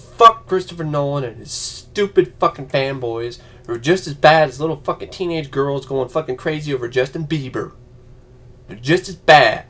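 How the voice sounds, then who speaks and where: Guy yelling and swearing thru a movie rant vlog, mid pitch, mocks fans in funny voices. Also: animated, moderate pace. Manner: profane, yelling, mocking voices. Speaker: vlogger.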